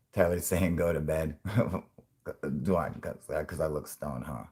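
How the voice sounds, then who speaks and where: A man's voice: extremely low pitch, slow pace, a little mellow. A man in his twenties hosting a casual livestream, stoned and rambling, swearing constantly and laughing often. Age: 20s. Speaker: channel host.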